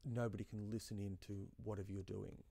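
A man's voice: on the low side, little pitch movement, a little fast, gravelly, dark tone. A man giving casual, rambling commentary while playing a game, with many fillers and asides to himself. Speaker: gaming YouTuber. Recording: faint game music behind.

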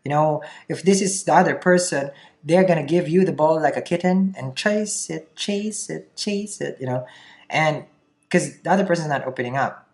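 A woman's voice: low voice, moderate pace, a little mellow. A woman reading tarot cards for her viewers in a chatty, playful way, often laughing between remarks. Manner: chatty, giggly, playful asides. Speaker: tarot reader. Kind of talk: casual tarot reading vlog.

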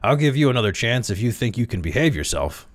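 A man voicing a brisk, loud, blustering middle-aged male office boss who turns incredulous easily. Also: mid-range voice, big pitch swings, voice pushed up, natural voice.

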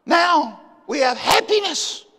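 A man, a pastor preaching a sermon with passion, swinging from loud bursts to hushed asides, in a church sanctuary. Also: extremely high pitch, big pitch swings, slow, background noise. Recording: long church hall reverb.

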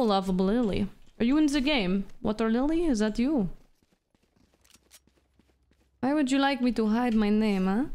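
A fairly high-pitched woman talking over a live game stream, casual and a little sweary as she answers chat. She sounds under the weather and low on energy, drifting between commentary on her plays and replies to viewers. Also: a little fast, a little mellow. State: feeling unwell, low energy. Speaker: VTuber streamer.

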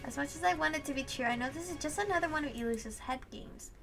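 A woman reading a visual novel aloud and reacting in an excitable, gushing way, swearing and laughing at the story. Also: high-pitched, fast, vocal fry, over loud music. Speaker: let's play host.

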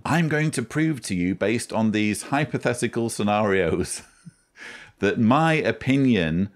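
Slow, scornful male commentator. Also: lowish voice, smooth. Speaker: commentator reviewing videos. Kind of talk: critical commentary.

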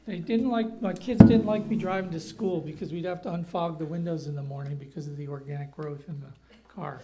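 A man's voice: fairly high pitch, steady tone, a little fast, heavy background noise. A middle-aged man from New Jersey with a light North Jersey accent, telling rambling, self-deprecating stories between songs at a live show. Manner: wry, rambling storyteller with self-deprecating asides. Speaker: doctor and singer-songwriter on stage. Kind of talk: stage banter between songs. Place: live music venue. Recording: guitar faintly behind.

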